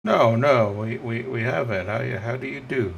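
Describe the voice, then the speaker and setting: A man's voice: medium pitch, normal speed, vocal fry, a bit bright, dull audio, slight background noise. A man voicing a male gnome who puts on a posh voice and stammers, in a tabletop game.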